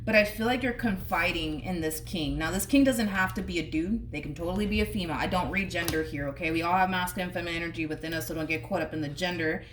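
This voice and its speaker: A woman's voice: on the low side, quick pace, hardly any pauses, recorded from a distance, slight background noise. A woman giving a casual tarot reading, talking chattily and repeating phrases for emphasis. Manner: chatty, repeats phrases, drops into hushed quotes. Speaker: tarot reader. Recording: echoey room, voice a bit off-mic.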